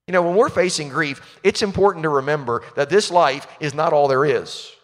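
A man's voice: a little high, normal speed. A man preaching a sermon as pastor, talking conversationally and asking his listeners questions. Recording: long reverb of a large hall.

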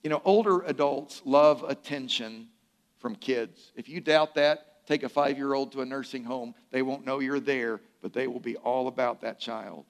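An older pastor with a mid-range voice delivers a conversational sermon sprinkled with humorous asides. At key phrases he sometimes drops into a soft, slow emphasis.

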